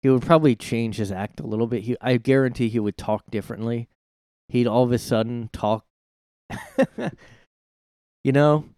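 A man's voice: medium pitch, normal speed, long pauses, warm tone, clean tone, dry recording, clean studio sound. Sarcastic rambling man ranting solo. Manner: rambling, sarcastic, swears freely. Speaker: podcast host. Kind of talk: casual solo commentary rant. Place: his own room at home.

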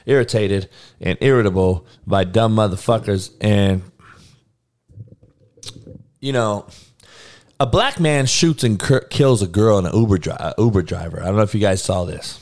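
A man's voice: lowish voice, moderate pace, long pauses, a little mellow. A man hosting a show, delivering an irritated, profane, blunt ranting monologue. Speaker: show host.

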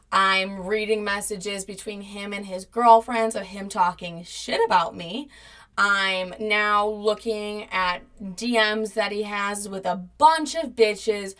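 A young woman in her twenties telling a casual storytime in a blunt, profane, animated way, acting out quotes as she goes. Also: medium pitch, distant mic.

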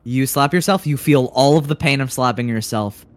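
A man narrating a tabletop game as game master, unhurried and hesitant with fillers. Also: mid-range voice, dry recording.

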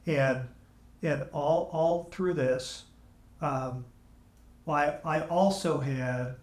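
Earnest man telling a story, echoey room. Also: fairly high pitch. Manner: earnest, emotional, halting restarts. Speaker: podcast guest. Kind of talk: candid storytelling. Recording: echoey room, AI-salvaged audio.

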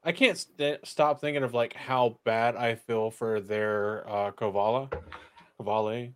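A man's voice: medium pitch, steady tone, unhurried, smooth. A man co-hosting a podcast in casual chat, crude, joking and frank. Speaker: podcast co-host.

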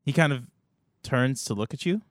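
A man's voice: medium pitch, lively intonation, normal speed, no room sound, clean studio sound. A man narrating as game master, hesitant and full of ums and restarts.

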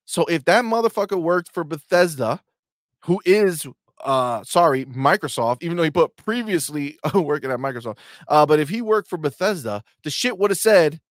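Male co-host, heated and profane, slightly raised pitch, close dry mic. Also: expressive, moderate pace, dry recording. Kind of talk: casual livestream chat.

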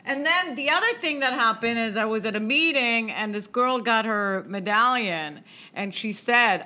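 A woman co-hosting a podcast, chatting casually and reacting with excited, swearing exclamations. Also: on the high side, a little slow, few pauses. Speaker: podcast co-host. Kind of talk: casual chat.

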